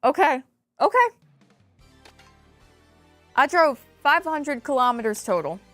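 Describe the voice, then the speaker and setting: This is a woman hosting a game livestream, chatty and excitable as she talks to her chat mid-race. Her voice sits a little high and swings widely up and down. Faint game music plays behind her. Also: slow pace. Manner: excitable, self-mocking, chatty with viewers. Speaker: livestream co-host playing a kart racing game. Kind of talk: casual livestream banter.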